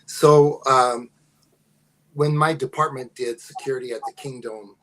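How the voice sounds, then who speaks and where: An older man, a podcast guest, telling personal stories in casual talk, unhurried and halting with many fillers. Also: mid-range voice, steady tone, a bit bright, a little hiss or hum, rough recording. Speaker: guest, host's father. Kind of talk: casual storytelling.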